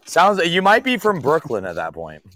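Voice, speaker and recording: A man co-hosting a casual chat, joking and animated. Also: fairly high pitch, normal speed. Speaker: podcast co-host.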